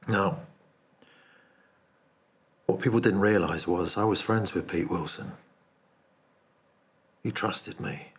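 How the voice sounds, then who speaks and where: A man performing a dramatic monologue as a remorseful man confessing a cowardly betrayal, speaking in a hushed, confessional way. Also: low-pitched, slow, long pauses. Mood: haunted, confessional.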